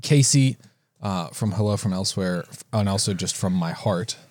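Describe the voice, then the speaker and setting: A man's voice: sits low, normal speed, a little mellow, no room sound. A man co-hosting a casual podcast chat, joking and laughing often. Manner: joking, laughs often, tries silly impressions. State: eating spicy wings. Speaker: podcast co-host.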